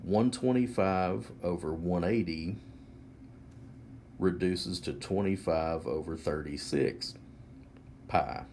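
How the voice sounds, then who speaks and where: A man teaching a whiteboard math lesson, explaining each step slowly and methodically. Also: low voice, darkish tone, a little hiss or hum.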